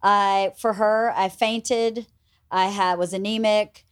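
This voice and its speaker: A woman's voice: mid-range voice, fairly even intonation, slow, clean tone. Young woman, host's daughter, casual chat, laughs along. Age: young adult.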